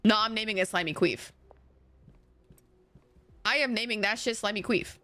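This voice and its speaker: A woman's voice: mid-range voice, moderate pace, sharp tone. A young woman streaming a game, chatting casually with a friend, joking crudely and swearing freely. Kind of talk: casual gameplay chat with a co-op partner.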